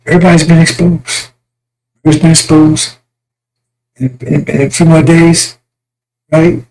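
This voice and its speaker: Male preacher, high pitch, fiery and crude, mocking tone, rambling prophetic rant. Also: little pitch movement, normal speed, darkish tone, slight background noise, poor audio. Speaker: self-styled religious messenger. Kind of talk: impassioned religious rant.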